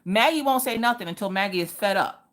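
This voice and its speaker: A woman in her thirties hosting a live crafting stream, telling stories in a lively, chatty, colloquial way. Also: medium pitch, fast talker. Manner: animated, chatty storyteller, colloquial. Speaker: craft livestream host. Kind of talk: casual chat and storytelling. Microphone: streaming from home.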